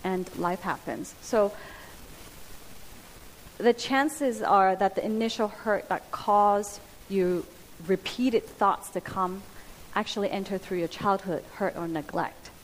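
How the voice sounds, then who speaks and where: A woman giving a sermon, speaking earnestly with pauses and restarts. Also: mid-range voice. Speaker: preacher. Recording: hissy hall with long reverb.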